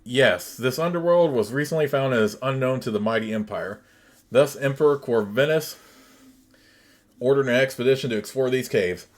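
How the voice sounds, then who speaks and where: A man's voice: mid-range voice, moderate pace, natural voice. A man reading a proud young warrior-wizard woman. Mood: stern. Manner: formal old-fashioned diction.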